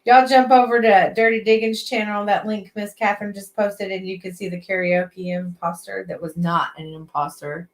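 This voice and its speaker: A woman's voice: medium pitch, steady tone, normal speed, few pauses. A woman co-hosting a casual late-night livestream, chatty and reading viewer comments aloud. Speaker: livestream co-host. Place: metal shop.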